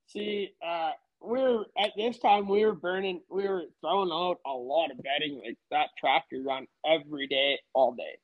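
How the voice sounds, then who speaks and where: A man's voice: on the high side, moderate pace, hardly any pauses, phone-quality sound. A man telling a work story in casual chat, laid-back, swearing freely. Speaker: podcast guest.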